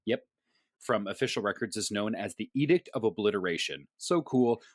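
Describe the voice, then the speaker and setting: A man's voice: lowish voice, expressive, no echo. Chatty man podcast co-host, dry close mic. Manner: chatty and playful, quick asides. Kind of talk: casual chat.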